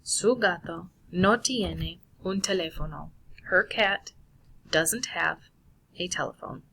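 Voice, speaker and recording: A woman's voice: fairly low pitch, takes it slowly, gravelly, bright, forceful tone, slight background noise. A woman walking through a Spanish lesson on screen in a casual, self-correcting way. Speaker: Spanish teacher. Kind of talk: screen-recorded lesson walkthrough.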